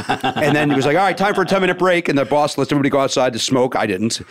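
A man's voice: a little high, very fast. A man in his fifties, a stand-up comedian, casually telling a story and acting out the people in it. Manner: animated, acts out quoted dialogue.

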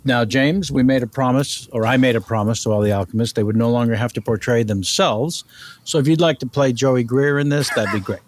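A man hosting a comedy podcast, setting up scenes in a playful, quick way. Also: mid-range voice, steady tone, slight background noise. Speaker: podcast host. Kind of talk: casual chat.

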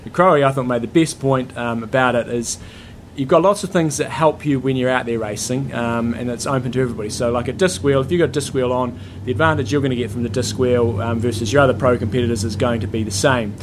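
A man's voice: medium pitch, fairly even intonation, fast talker, hardly any pauses. A man, co-hosting a podcast in casual chat, telling stories in a loose, rambling way. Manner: rambling storyteller, loose and chatty. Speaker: podcast co-host. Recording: faint background noise.

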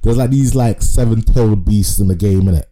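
A man's voice: lowish voice, fairly quick, dark tone, poor audio. A man co-hosting a podcast, chatting casually about anime in a rambling, sweary, slangy way. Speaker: podcast co-host.

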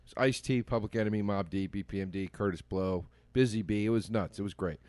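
A man's voice: lowish voice, brisk, no echo. Man telling a story, laughing a lot. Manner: animated storyteller, quotes people in his own voice, laughs often. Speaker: podcast co-host telling a story. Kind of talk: casual chat, storytelling.

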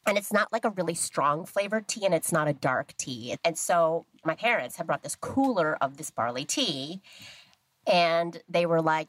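A woman in her thirties telling family stories in a lively, casual way, acting out the voices of the people she quotes. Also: low-pitched, normal speed, dry recording. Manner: animated, acts out quoted voices, laughs often. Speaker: guest. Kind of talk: casual storytelling.

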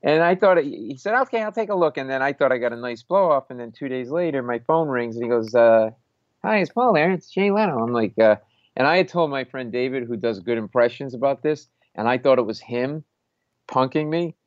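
A man's voice: mid-range voice, brisk, dry recording. A man from Rhode Island, a comedian and former lawyer, telling a story casually with many restarts and self-mocking asides. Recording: dull lo-fi, dry sound.

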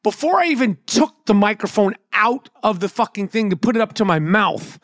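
A middle-aged man talks in a brash, profane, storytelling way on a podcast. His voice sits unusually high for a man. The sound is dry, with no room around it. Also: expressive, brisk, dry recording. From New York. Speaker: podcast host and comedian. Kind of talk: casual podcast chat.

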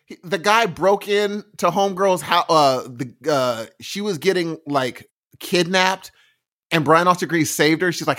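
A man's voice: on the high side, normal speed, a bit bright. A man co-hosting a casual podcast, playfully standing his ground and laughing. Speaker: podcast co-host. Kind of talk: casual chat.

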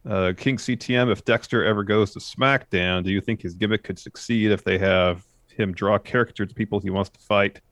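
Man, lowish voice, relaxed co-host reading chat questions, dry close sound. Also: fairly quick, few pauses, dry recording. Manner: relaxed, agreeable, reads chat names aloud. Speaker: podcast co-host.

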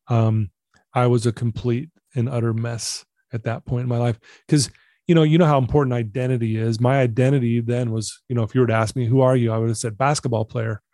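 A man's voice: mid-range voice, mellow, no echo, clean studio sound. A middle-aged man, a guest in a conversation, earnestly telling a personal story and repeating himself for emphasis.

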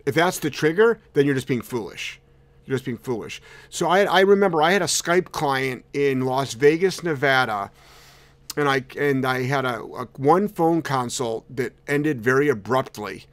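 A man's voice: medium pitch, lively intonation, moderate pace, no room sound. A man hosting a casual live dog-training Q&A, talking bluntly and emphatically and repeating words for stress. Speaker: dog trainer and show host.

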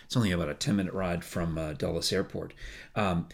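A man's voice: sits low, fairly even intonation, brisk, gravelly. A man co-hosting a podcast, chatting casually and wandering into side stories. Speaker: podcast co-host. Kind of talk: casual chat.

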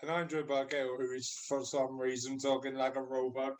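A man's voice: mid-range voice, little pitch movement, a little fast. A man hosting a podcast in casual chat, playful and teasing, often laughing. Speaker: podcast host.

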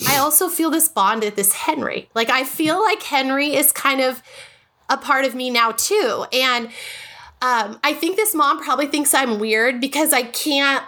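An American woman in her thirties speaks as a podcast guest, her voice sitting a bit high and sounding bright and forward. She talks with earnest feeling, circling back and restarting her thoughts. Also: a little slow. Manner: emotional, earnest, full of restarts. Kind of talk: casual podcast conversation.

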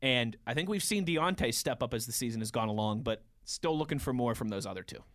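A man's voice: medium pitch, animated, brisk, a bit bright. A man in his thirties co-hosting a sports radio show, chatting casually and reading out listener tweets. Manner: easygoing, reads out listener tweets. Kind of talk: casual sports talk chat. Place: radio studio.

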